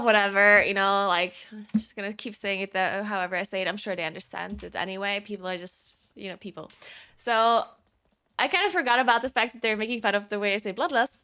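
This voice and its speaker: A woman's voice: on the high side, sharp tone. A woman streamer chatting casually in a rambling way, laughing often.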